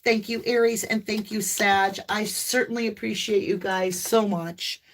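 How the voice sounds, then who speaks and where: Chatty Southern woman with loud whoops. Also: medium pitch, fairly even intonation, a little slow. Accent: light Southern US. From American South. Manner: chatty, laughs often, bursts into loud whoops. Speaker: tarot reader hosting a live stream. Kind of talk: casual live-stream chat.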